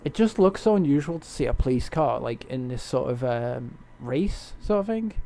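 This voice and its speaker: A man's voice: medium pitch, expressive, moderate pace, creaky, mellow. A man chatting casually to viewers while he streams a racing game at home at night, rambling and joking as he plays. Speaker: gamer streaming gameplay. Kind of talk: casual live-stream commentary.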